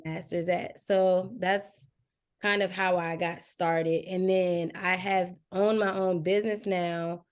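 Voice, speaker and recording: A woman's voice: lowish voice, flat delivery, slow pace, clear, resonant tone. A woman guest on a podcast, speaking candidly and casually, telling stories and laughing often. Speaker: guest, design agency owner. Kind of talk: casual interview chat.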